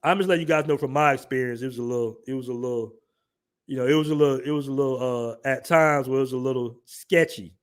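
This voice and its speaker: Speaking fast in a clean, mid-range voice with a steady tone, a young livestream host from the southern United States jokes around in slang and reads chat messages aloud. He has an African American Vernacular English accent.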